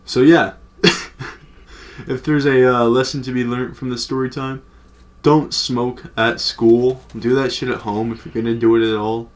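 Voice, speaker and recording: A man's voice: medium pitch, little pitch movement, unhurried. A young adult man telling a story in a casual, loose, slangy way, full of "like" and swearing. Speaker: storytime vlogger.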